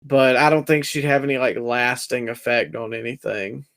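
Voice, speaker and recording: A young man co-hosting a casual wrestling review podcast, talking in an animated, sarcastic way. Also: mid-range voice, normal speed, vocal fry. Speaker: podcast co-host.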